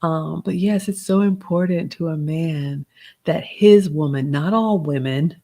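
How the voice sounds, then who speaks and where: A woman's voice: low voice, a little slow, mellow. A Southern woman in her forties with a Southern accent, hosting a casual livestream Q&A, reading viewer comments aloud and giving polished, motherly advice. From American South. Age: 40s. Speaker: livestream host answering chat.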